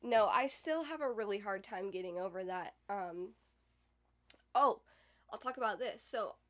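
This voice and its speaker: A woman's voice: medium pitch, measured pace. A young woman hosting a podcast, telling a candid personal story in a rambling, emotional way with lots of "like". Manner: rambling, emotional, heavy use of "like". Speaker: podcast host.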